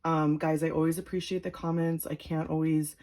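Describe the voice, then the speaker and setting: A woman's voice: sits low, little pitch movement, fairly quick, dark tone. A young woman giving a casual, upbeat tarot reading, chatty and giggly, with lots of fillers. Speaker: tarot reader.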